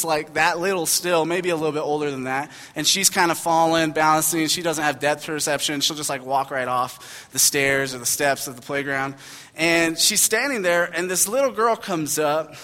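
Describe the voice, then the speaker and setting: A young adult pastor with a voice on the high side preaches in a large church hall with audible reverb. He tells stories in an animated way and adds self-deprecating asides.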